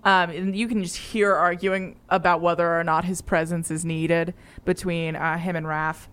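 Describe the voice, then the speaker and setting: A woman's voice: lowish voice, level tone, moderate pace, fairly bright tone, clear, resonant tone. Rambling young woman game master. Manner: rambling, filler-heavy, playful. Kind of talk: narrating a tabletop game.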